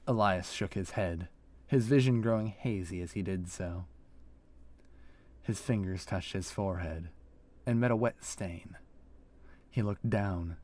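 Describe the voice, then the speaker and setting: A man reads a fantasy tale aloud as narrator. His voice is very low and deep, and he tells it in a slow, descriptive storytelling manner. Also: a little mellow.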